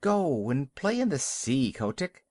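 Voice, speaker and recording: A man voicing a gentle mother seal in a storybook reading, in a soft, resigned tone. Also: mid-range voice, big pitch swings, a little slow, no echo, studio quality.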